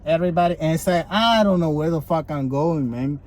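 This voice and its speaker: A man co-hosting a podcast, swearing freely in animated rants. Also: fairly high pitch, brisk. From Puerto Rico. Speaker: podcast co-host. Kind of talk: casual chat.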